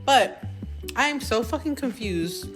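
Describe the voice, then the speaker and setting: A woman's voice: on the high side, lively intonation, a little slow, over music. A woman venting about dating in an exasperated vlog, swearing as she talks. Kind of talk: storytime vlog.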